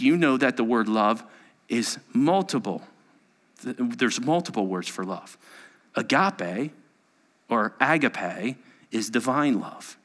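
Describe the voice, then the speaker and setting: A man in his forties preaching a sermon as a pastor, animated and quick to act out the people he describes. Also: medium pitch. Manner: animated, acting out quoted people in quick impressions.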